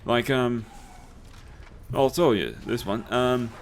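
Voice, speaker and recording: This let's play host is a young man with a mid-range voice who speaks slowly, with a bit of background noise. He swears freely and laughs through the stories he tells as he plays, keeping it casual.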